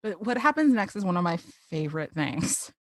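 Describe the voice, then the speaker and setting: On this podcast, a woman retells a cartoon episode in easygoing chat, giggling and laughing throughout as an animated storyteller. Her voice runs on the low side and fairly quick, captured in a dry recording.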